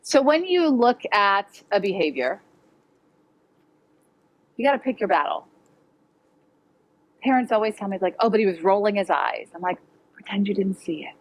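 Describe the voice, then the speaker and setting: A woman's voice: mid-range voice, big pitch swings, normal speed, long pauses, rough recording. A middle-aged woman educator giving a conference talk to parents, plain and direct in a chatty way. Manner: direct, conversational, uses fillers like "like". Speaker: educator presenter. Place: conference hall.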